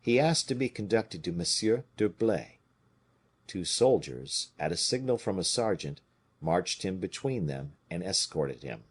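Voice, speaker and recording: A man reading a classic novel aloud as an audiobook narrator, in a lively, expressive way. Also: low voice, unhurried, husky. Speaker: audiobook reader.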